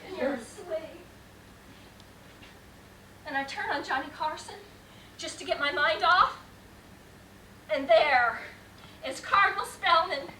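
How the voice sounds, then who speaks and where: A woman playing a fragile, troubled wife who rambles through a stage monologue with sudden shouted outbursts. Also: very high voice, slight background noise, full character voice. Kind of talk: live stage play acting. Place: theater stage. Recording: echoey stage sound, mic far off.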